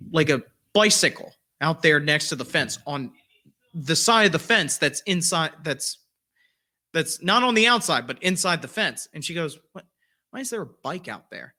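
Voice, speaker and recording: A man's voice: a little high, pushed and bright. A man who hosts a podcast, telling a story casually and rambling, with many fillers and restarts. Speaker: podcast host.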